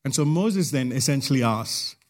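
A man preaching an expository sermon, teaching through a passage verse by verse in a measured way with emphatic pauses. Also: medium pitch, lively intonation.

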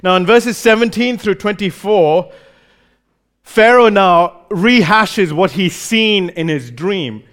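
A man with a notably high-pitched voice delivers a sermon, teaching through a scripture passage. He talks in an easy, explanatory way and slips briefly into the voices of the people he quotes. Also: animated, slow, fairly bright tone. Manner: explanatory, acts out short quoted lines. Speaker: preacher.

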